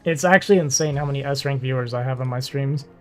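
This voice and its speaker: A man's voice: medium pitch, fast talker, soft background music. A man who streams games, chatting casually, laughing often and trailing off with fillers. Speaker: streamer and game player. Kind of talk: casual chat.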